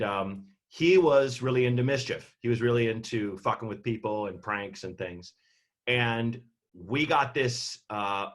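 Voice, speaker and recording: A man tells a story over a video call. He rambles and circles back with plenty of fillers. His voice sits at an ordinary pitch and the delivery is animated. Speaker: comedian guest.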